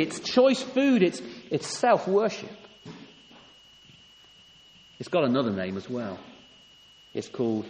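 A man preaching a sermon, emphatic, often rising to a raised voice on key points. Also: sits high. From England. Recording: long hall reverb, faint ambience.

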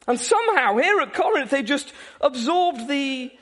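Animated, high-voiced preacher. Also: male voice, moderate pace. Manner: animated, playful, laughs often. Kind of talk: sermon.

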